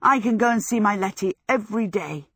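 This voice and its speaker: A woman's voice: medium pitch, a little fast, breathy edge, dry recording, voice pushed up. A woman voicing an eager, cheerful teenage boy apprentice. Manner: eager, lively.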